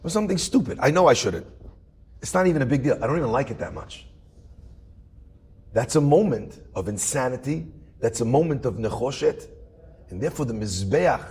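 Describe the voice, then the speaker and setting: A man's voice: medium pitch, slightly rough. A male rabbi giving a sermon, talking straight to his listeners and firing rhetorical questions at them. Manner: animated, rhetorical questions to the audience.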